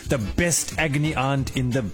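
A man's voice: mid-range voice, steady tone, moderate pace. A man reading a grand scripted radio intro as announcer. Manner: grand, building announcer read. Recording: radio intro with music bed.

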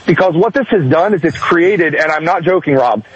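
A man co-hosting political talk radio, sarcastic and quick to mock others. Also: a little high, lively intonation, slightly rough, lo-fi sound. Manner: sarcastic, mocking impressions of others. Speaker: radio show co-host.

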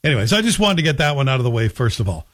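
A man's voice: medium pitch, big pitch swings, racing, a bit bright. A man hosting a radio talk show, delivering a sardonic, joking opinion monologue. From Scotland. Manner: sardonic, joking, slips into a Scottish voice for anecdotes.

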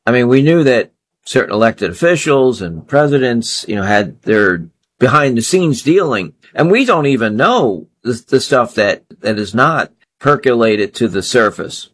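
A man's voice: medium pitch, lively intonation, normal speed, a bit bright. A man hosting a solo political commentary show, talking in an indignant, scornful way and piling up phrase after phrase.

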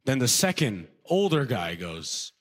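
A man doing a stand-up comedy routine, telling a story with quick impressions of the people in it. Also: mid-range voice, big pitch swings, a bit bright, in a large hall. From outside the United States.

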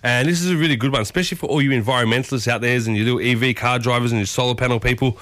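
Upbeat Australian radio host, dry studio. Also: male voice, rapid-fire, fairly bright tone, dry recording. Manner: chatty and upbeat, jumps in pitch. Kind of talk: morning radio chat. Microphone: studio microphone.

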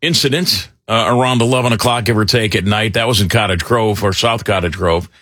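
A middle-aged man hosting talk radio, rambling and animated with lots of fillers. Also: fairly low pitch, brisk, no room sound, studio quality. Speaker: radio talk show host. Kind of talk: casual talk radio banter.

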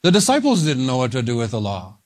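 A man preaching a sermon, speaking slowly and deliberately and leaning hard on single words for emphasis. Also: medium pitch, wildly swooping pitch. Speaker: pastor.

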